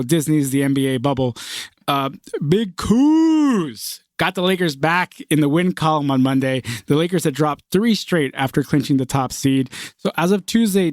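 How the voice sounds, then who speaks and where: Male podcast host, somewhat high voice, steers the conversation. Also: no echo, studio quality. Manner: leads the talk, asks co-hosts questions. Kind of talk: casual sports chat.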